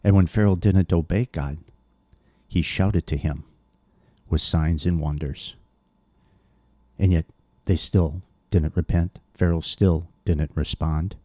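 A man delivers a sermon verse by verse, reading scripture and then pressing his points bluntly and earnestly. His voice sits low, with a dark, relaxed tone. The sound is close and dry. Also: slow, no echo. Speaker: preacher.

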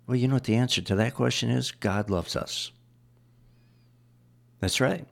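Working line by line through scripture, a preacher hammers his points home by repeating phrases. His mid-range voice has some vocal fry and moves at a moderate pace.

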